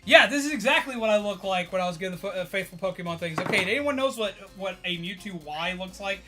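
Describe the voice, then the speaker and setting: Tired but hyped streamer guy, high voice, swears a lot, laughs a ton. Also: lively intonation, quick pace, sharp tone, soft background music. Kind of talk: casual chat to viewers.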